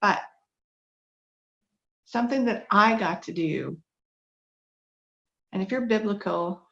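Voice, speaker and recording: A woman's voice: mid-range voice, slow pace, gravelly, bright, forceful tone. A middle-aged woman giving a heartfelt, faith-based talk, earnest and emotional, fighting back tears. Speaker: speaker sharing a testimony. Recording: dull lo-fi recording.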